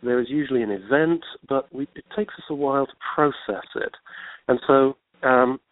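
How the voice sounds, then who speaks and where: A man with an English accent, a guest author telling his story in a reflective, unhurried way during a radio interview by phone. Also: medium pitch, no room sound. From England. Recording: tinny phone line.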